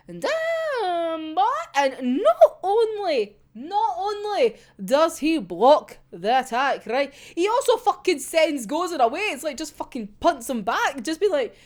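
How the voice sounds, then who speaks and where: A young woman chatting casually as she reviews a comic chapter, excitable and sweary, often breaking into laughter. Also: high voice. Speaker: manga reaction vlogger.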